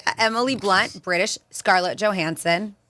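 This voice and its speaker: A woman from Florida, co-hosting a radio program, reads a survey list aloud between bits of casual chat and occasional laughs. She speaks at medium pitch and normal speed with a sharp tone, and there's no echo.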